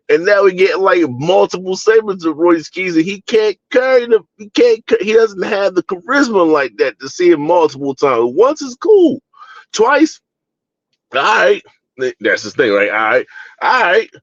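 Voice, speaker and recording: Animated man from Baltimore reviewing wrestling. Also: high voice, no room sound, highs cut off. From Baltimore, USA. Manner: animated, many fillers and restarts, mocking asides. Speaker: wrestling show co-host. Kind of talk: casual opinionated review chat.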